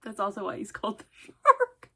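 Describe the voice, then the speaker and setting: A woman's voice: medium pitch, wildly swooping pitch, moderate pace, pushed and bright, slight background noise. A woman rambling casually in a vlog, chatty and swearing, often breaking into laughter. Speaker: vlogger.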